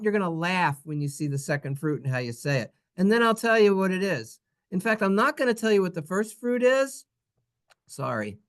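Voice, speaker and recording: A teacher giving a playful, jokey Hebrew lesson over slides, in an animated, singsong voice. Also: medium pitch, a little fast.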